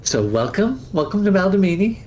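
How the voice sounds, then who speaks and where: Old woman, cane, sly host, sing-song, higher pitch, played by a man. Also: very animated, brisk, darkish tone, slight background noise. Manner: sing-song, repeats words.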